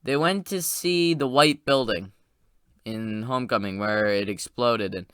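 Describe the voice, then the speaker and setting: A man giving a casual, rambling spoiler review of a movie, excited and full of fillers and restarts. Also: mid-range voice, measured pace, clean tone, dry recording, studio quality.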